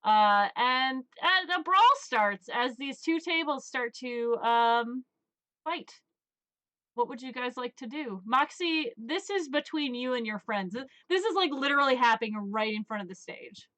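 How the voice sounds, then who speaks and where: A woman's voice: sits high, lively intonation, unhurried, sharp tone. A woman narrating a tabletop game as game master, chatty, with many fillers and laughs.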